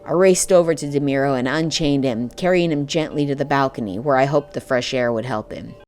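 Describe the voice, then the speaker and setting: A woman narrating a first-person fantasy novel. Her voice sits low and she tells the story steadily with feeling. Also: brisk, darkish tone, soft background music. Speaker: audiobook narrator.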